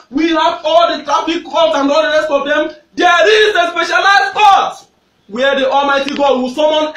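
A high-voiced Nigerian preacher delivers a fervent sermon that climbs into shouts and circles back on his own phrases. He sounds far from the microphone, and the big hall echoes around him. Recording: echoey, distant hall recording.

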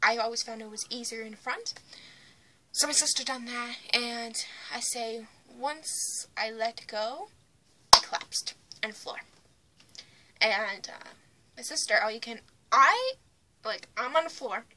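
A young woman talks to her camera in a bright, fairly high voice, retelling a personal story in a blunt, plain way. She often sinks into a whisper and then comes back loud. A faint hum of room noise sits behind her. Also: unhurried. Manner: blunt, retelling with swings in loudness. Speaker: vlogger.

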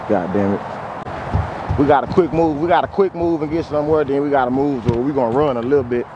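A man coaching football drills outdoors, blunt and profane, calling out moves and sound effects. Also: mid-range voice. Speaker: football trainer. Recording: outdoor traffic noise.

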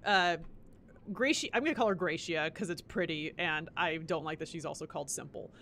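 A woman's voice: sits low, brisk, fairly bright tone. A tired woman streamer chatting casually while playing a game and reading item text aloud. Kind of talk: casual live-stream commentary.

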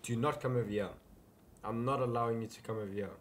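A gaming video host gives casual let's-play commentary, mumbling jokey asides to himself as he plays. His mid-range voice is steady and fast, with slight background noise.

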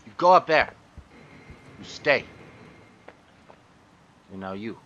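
A man's voice: mid-range voice, lively intonation, slow pace, a bit bright, muffled recording, a little hiss or hum. A man giving gameplay commentary, frustrated and swearing as he talks to objects in the game. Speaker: gaming YouTuber.

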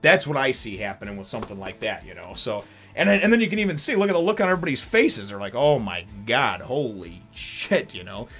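A man in his thirties talks through a manga chapter in a loose, rambling way, full of fillers, restarts and casual swearing. His voice sits at an ordinary middle pitch. Faint music plays underneath. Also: very animated, racing, a bit bright. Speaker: manga review host. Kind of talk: casual video review.

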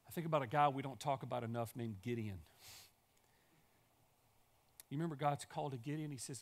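A man's voice: mid-range voice, a little fast, long pauses. A man preaching a sermon as pastor in a church sanctuary, emphatic and repetitive, building to rallying calls.

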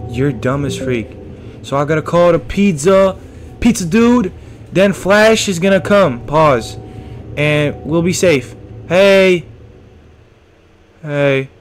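A young man giving panicky let's-play commentary on a horror game, yelping and shouting when scared. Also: fairly high pitch, lively intonation, takes it slowly. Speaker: gaming streamer. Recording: game music playing loudly behind.

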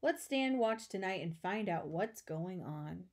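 A woman's voice: on the low side, animated, measured pace, darkish tone. A woman reading a storybook aloud, voicing a bookish, clever young boy with an eager manner. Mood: scheming.

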